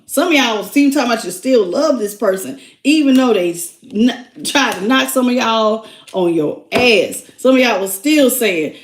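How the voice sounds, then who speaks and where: A woman's voice: fairly high pitch, expressive, normal speed, hardly any pauses. Chatty tarot reader woman, echoey room. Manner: chatty, greets viewers by name, emotional. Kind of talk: casual tarot reading to viewers.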